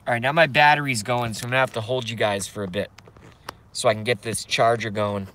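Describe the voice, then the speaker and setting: Bright-voiced man ranting in his car. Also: mid-range voice, steady tone, a little fast, a little hiss or hum. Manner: agitated, swearing ranter. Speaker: live streamer. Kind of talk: ranting live stream. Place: parked car.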